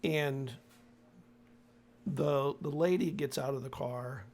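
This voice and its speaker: A man narrating as game master for a tabletop horror game, halting with many fillers. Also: medium pitch, fairly even intonation, a little mellow.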